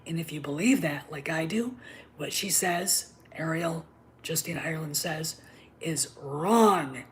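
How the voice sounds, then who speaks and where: Middle-aged female host, low-pitched; impassioned opinion monologue with emphatic whispered asides. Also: a little slow, slight background noise. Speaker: channel host.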